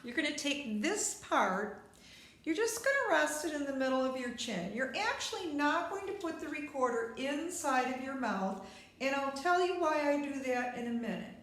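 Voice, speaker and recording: A woman's voice: high voice, big pitch swings, moderate pace, fairly bright tone, heavy reverb. A woman teaching a beginner recorder lesson, patient and step by step, speaking straight to the viewer. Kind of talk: instructional video lesson.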